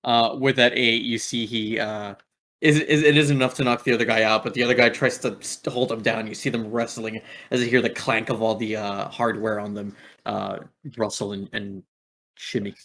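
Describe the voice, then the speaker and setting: A man's voice: on the low side, little pitch movement, moderate pace, a bit bright. Laid-back man narrating as game master. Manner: laid-back, full of filler words.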